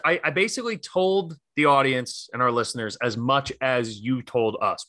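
Dude hosting a sports pod, bright voice, dry close mic, chatty with lots of ums. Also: male voice, mid-range voice, dry recording. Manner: enthusiastic, rambling with fillers and restarts. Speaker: podcast co-host. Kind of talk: casual sports podcast chat.

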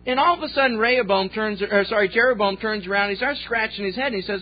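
A man's voice: sits high, fast talker, few pauses. A man pastor preaching a sermon with folksy storytelling and jokes, on a slightly dull recording.

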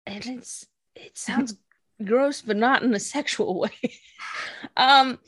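A woman's voice: a little high, slow pace, slightly rough, no echo. A woman co-hosting a podcast in casual chat, giggling often and acting out quotes in silly voices. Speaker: podcast co-host. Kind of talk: casual chat recapping an anime episode.

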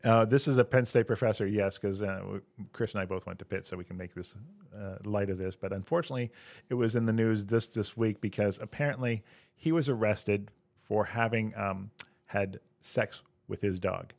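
A man with a low, gravelly voice co-hosts a comedy podcast. He spins long setup jokes at an easy pace and slips in quick puns, with fry scraping along the ends of his phrases. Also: a little mellow, dry recording. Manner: joke-teller with punny quips. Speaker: podcast co-host. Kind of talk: casual comedic joke-telling.

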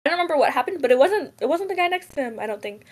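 A woman's voice: sits high, lively intonation, racing. A young woman co-hosting a podcast in casual chat, rambling with many fillers and giggles. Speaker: podcast co-host.

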